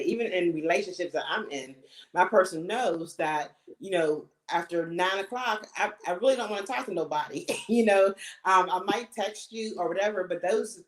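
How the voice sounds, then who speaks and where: Earnest middle-aged woman giving advice. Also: on the low side. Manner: earnest, advising, frequent "you know". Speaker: panelist mother. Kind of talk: casual panel conversation. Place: home, video call. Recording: echoey room.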